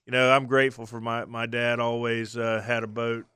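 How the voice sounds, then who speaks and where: A man's voice: mid-range voice, level tone, fairly quick, pushed and bright, clear, resonant tone, dry recording, clean studio sound. A man guest on a fishing talk show, chatting easygoing about memories with frequent fillers. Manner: easygoing, many fillers and restarts. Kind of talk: casual chat.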